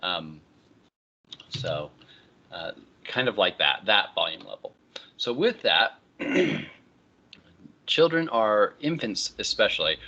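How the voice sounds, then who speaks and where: A man lectures his class in a loose, conversational way, stringing topics together with easy transitions. His voice is somewhat low yet bright and forceful. It comes through a computer microphone with dull, lo-fi sound. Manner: relaxed, conversational, frequent "all right, so" transitions. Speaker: college instructor. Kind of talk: online lecture.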